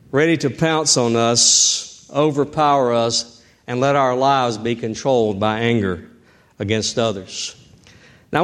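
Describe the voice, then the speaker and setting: A middle-aged man preaching a sermon, emphatic and rising in pitch on key points. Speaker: pastor.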